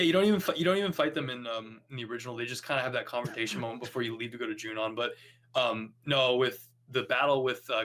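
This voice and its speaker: A man's voice: mid-range voice, pushed and bright. A man with a mid-range voice chats casually on a gaming podcast. He rambles, restarts his sentences and fills the gaps with ums. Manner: rambling, filler-heavy.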